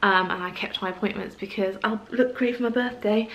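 A woman's voice: mid-range voice, fairly even intonation, fairly quick, highs cut off. A woman chatting casually in her vlog, rambling and poking fun at herself. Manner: chatty, rambling, self-deprecating. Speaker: vlogger.

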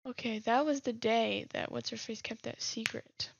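Woman streamer with a heavy vocal fry and a flat, slightly high voice, reading messages aloud, on a dull lo-fi recording. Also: moderate pace, dry recording. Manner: reads text messages aloud and muses over them. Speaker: game streamer. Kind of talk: casual let's-play commentary.

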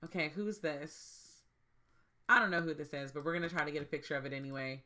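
A woman's voice: low-pitched, a little fast, bright, forceful tone. A woman hosting a life-simulation gameplay video, chatting casually with her viewers, often exasperated and repeating herself. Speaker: gaming channel host.

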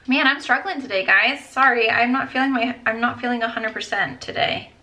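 A woman in her thirties, a beauty vlogger, chats to viewers while doing her makeup, despite being tired and having a headache. Her voice is a little high, bright and forceful, and she speaks a little fast, full of "like" and "you guys."

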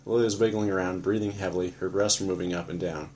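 A man narrating an audiobook in a flat, matter-of-fact first-person telling. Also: deep voice, quick pace.

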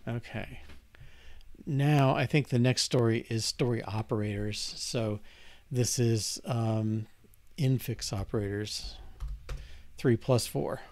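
Gravelly man muttering through code. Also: mid-range voice, a little mellow, dry recording. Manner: halting, muttered self-talk with fillers. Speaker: programmer live-coding on stream. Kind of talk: thinking aloud while coding.

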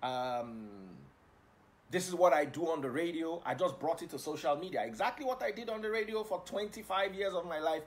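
A man's voice: a little high, brisk. Nigerian guy rambling live to his viewers, joking around then preaching, mixes in pidgin. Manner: switches between English and pidgin, playful and preachy. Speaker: livestream host and broadcaster. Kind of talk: casual live chat to viewers.

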